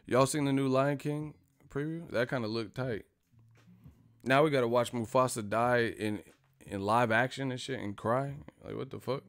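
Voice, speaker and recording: A man's voice: medium pitch, steady tone, moderate pace, fairly bright tone, dry recording. Profane rambling male stream host. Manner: profane, rambling, laughs often. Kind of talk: casual live-stream chat.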